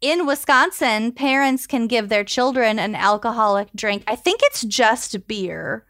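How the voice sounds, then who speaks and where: A woman's voice: on the high side, unhurried, a bit bright, no echo. Dry-sounding woman podcast host. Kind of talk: casual chat.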